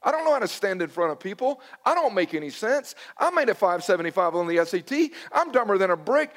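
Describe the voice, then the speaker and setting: A man's voice: sits high, sing-song, quick pace, few pauses, fairly bright tone. A middle-aged man preaching a sermon as a pastor, telling stories in a conversational, self-deprecating way and acting out his own past dialogue.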